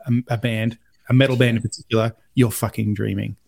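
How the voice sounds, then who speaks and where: Gravelly Australian man, casual swearing. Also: on the low side, little pitch movement, brisk, darkish tone. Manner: swears freely, laughs often. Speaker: podcast co-host. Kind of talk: casual chat. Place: lives abroad in the US.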